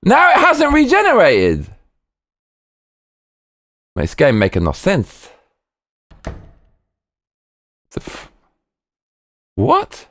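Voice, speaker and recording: Excitable gamer with wild pitch swings. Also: male voice, slow, pauses often. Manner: excitable, swearing, sudden high yelps. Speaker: game streamer. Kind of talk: live gameplay commentary.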